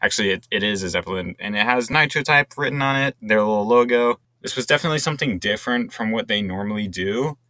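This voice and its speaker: Upbeat young man with a bright voice. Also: fairly low pitch, quick pace, hardly any pauses, dry recording. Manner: enthusiastic, rambling with restarts. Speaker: gaming video creator. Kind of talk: casual commentary.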